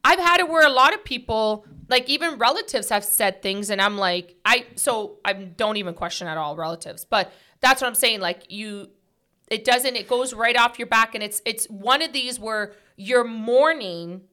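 Bright-voiced chatty woman. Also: fairly high pitch, normal speed. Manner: earnest, talkative, many "like" and "right?" fillers. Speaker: podcast host. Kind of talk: casual heart-to-heart chat.

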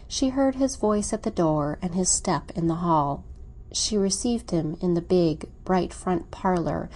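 A woman reading a classic novel aloud as an audiobook narrator, in a measured, unhurried way. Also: fairly low pitch.

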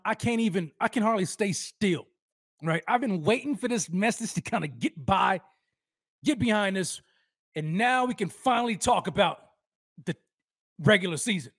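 A young man hosts a live sports talk stream in a slightly high voice. He is excitable and slangy and keeps repeating his phrases. The recording is dry and close, with no room sound. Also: moderate pace, dry recording. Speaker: sports podcast host.

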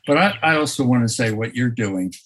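A man, a photographer, talking in a slow, thoughtful way in an interview, often restarting his sentences and laughing softly. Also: mid-range voice, expressive, low-quality recording. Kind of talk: reflective conversational interview.

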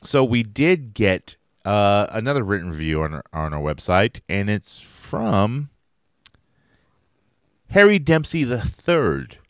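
A man's voice: slow pace, no echo, studio quality. A man hosting a crude, casual podcast, swearing freely and laughing often. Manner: animated, swearing, laughs often, jumps up high when excited. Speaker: podcast host.

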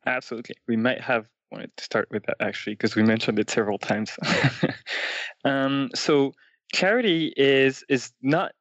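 A man, a UI engineer and podcast guest, talking thoughtfully with many pauses. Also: medium pitch, fairly even intonation, a bit bright, dry recording. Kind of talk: casual tech interview. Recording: dull, lo-fi dry remote mic.

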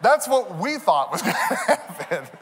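Animated high-voiced pastor. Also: male voice, unhurried, big-room sound, slight background noise. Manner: animated, acts out his kids in high voices, laughs often. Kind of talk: storytelling sermon. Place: church stage.

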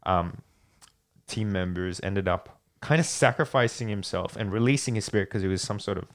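Man, podcast host, casual chat, animated storytelling, laughs a lot, lowish voice. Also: moderate pace. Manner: animated storyteller, laughs often, jumps up in pitch when excited.

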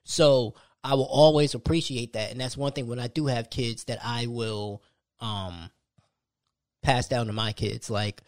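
A man's voice: mid-range voice, fairly even intonation, unhurried, dry recording, clean studio sound. A young man hosting a solo podcast, talking casually and conversationally, often restarting his sentences. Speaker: podcast host.

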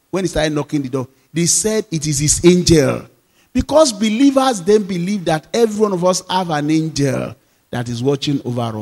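In a large hall, a pastor delivers a sermon, leading the congregation in call-and-response and repeating phrases as he alternates booming proclamations with hushed asides. His voice is fairly high.

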